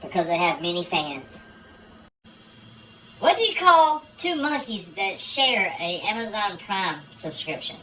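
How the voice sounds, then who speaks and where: A woman's voice: medium pitch, big pitch swings, measured pace, sharp tone, recorded from a distance, poor audio. A woman telling a string of one-liners and dirty jokes in a dry, matter-of-fact way. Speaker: joke teller. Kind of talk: deadpan joke telling.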